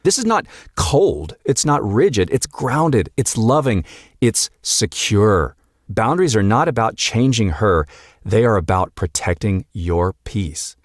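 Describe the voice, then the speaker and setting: A man hosting his own podcast as a marriage coach, speaking earnestly and deliberately with emphatic pauses. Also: lowish voice, big pitch swings, dry recording, studio quality. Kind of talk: solo podcast monologue.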